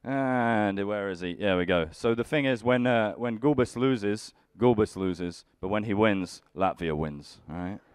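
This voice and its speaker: A young man working a crowd in a live stand-up set. He sounds grumpy and dry, with a fairly low voice that comes across smooth and clear. The sound is close and dead. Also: unhurried, few pauses, no room sound. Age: young adult. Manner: dry, grumpy, bantering with the audience. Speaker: stand-up comedian.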